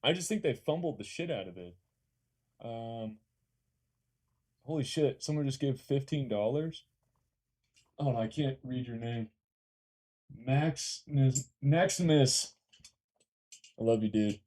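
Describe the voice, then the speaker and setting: A man's voice: medium pitch, animated, unhurried, long pauses, warm tone. Laid-back Californian streamer guy. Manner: laid-back, swears casually, says dude and bro. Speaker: streamer answering chat. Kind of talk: casual live-stream chat.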